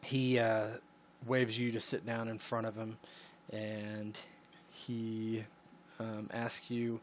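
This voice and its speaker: A man's voice: on the low side, level tone, takes it slowly, slight background noise. A man running a tabletop role-playing game as game master, describing scenes in a loose, rambling way with lots of hesitations. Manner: rambling, full of ums and "you know".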